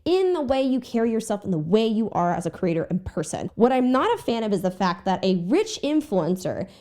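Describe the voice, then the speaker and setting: Animated, mellow-voiced woman commentator. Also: mid-range voice, fairly quick. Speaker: commentary YouTuber. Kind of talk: commentary and reaction.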